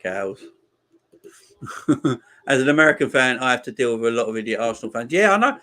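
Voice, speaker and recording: This fortysomething streamer talks fairly quickly in a medium-pitched, fairly bright voice. He provides chatty commentary for a live football watchalong while bantering with his chat.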